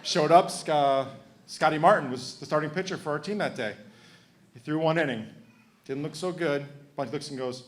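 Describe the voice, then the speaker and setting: A man's voice: fairly high pitch, a little fast, slight background noise. A man in his thirties from Connecticut giving a heartfelt, emotional acceptance speech, joking with the audience. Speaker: hall of fame inductee.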